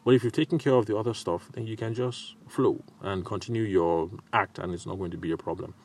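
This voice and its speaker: A man hosting a solo advice podcast, talking in a measured way with frequent filler pauses. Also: on the low side, darkish tone, slight background noise. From Nigeria. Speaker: podcast host.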